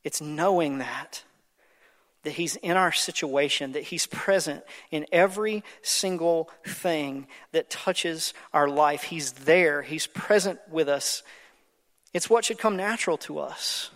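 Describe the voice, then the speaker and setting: A man's voice: fairly high pitch, slow, a bit bright. Preaching man in a reverberant hall. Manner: conversational preaching with many fillers. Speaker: pastor. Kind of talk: sermon. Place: church sanctuary.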